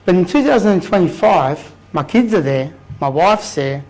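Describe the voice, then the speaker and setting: A man's voice: high-pitched, expressive, moderate pace, darkish tone, low-quality recording. An Australian man in his thirties, telling his own story to a live audience in a blunt, candid way, swearing casually. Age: 30s. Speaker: guest speaker. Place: room full of people.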